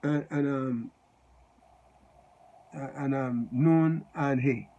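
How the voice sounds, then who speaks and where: Guy teaching bible verses slow and halting, keeps repeating words, muffled lo-fi sound. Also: mid-range voice, warm tone. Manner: halting, repeats words while explaining Hebrew letters.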